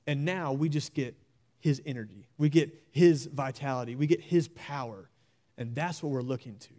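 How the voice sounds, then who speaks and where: A young man preaching a sermon in an earnest, exhorting way, repeating key phrases slowly for emphasis. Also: medium pitch, dark tone.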